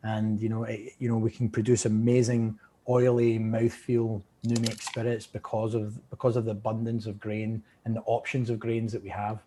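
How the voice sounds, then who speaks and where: A man's voice: on the low side, monotone, moderate pace, few pauses, warm tone, a little hiss or hum. A man with a Scottish accent, chatting as a guest in an interview, joking and often restarting his phrases. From Scotland. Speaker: whisky company guest. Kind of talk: casual interview chat.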